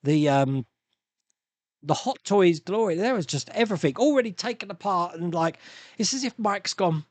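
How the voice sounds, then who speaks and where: A man's voice: sits high, lively intonation, moderate pace, a little mellow, dry recording. A man hosting a live stream, chatting casually and rambling through viewer comments with frequent laughs and restarts.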